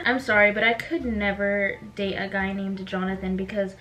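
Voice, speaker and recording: A woman's voice: mid-range voice, fairly even intonation, moderate pace, hardly any pauses, a bit bright, slight background noise. A young woman chatting casually through a makeup vlog, bubbly and giggly, with lots of "like" fillers. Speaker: beauty vlogger.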